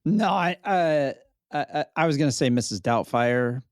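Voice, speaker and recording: A man's voice: a little high, lively intonation, normal speed, slight background noise. A man co-hosting a podcast, cracking jokes and wandering into rambling asides. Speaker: podcast co-host. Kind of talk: casual podcast chat.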